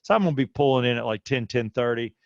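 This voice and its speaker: Male co-host, 30s, lively storyteller, dull lo-fi dry sound. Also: fast talker, creaky, no echo. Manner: animated storyteller, voice jumps high when quoting himself. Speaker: podcast co-host. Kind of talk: casual chat.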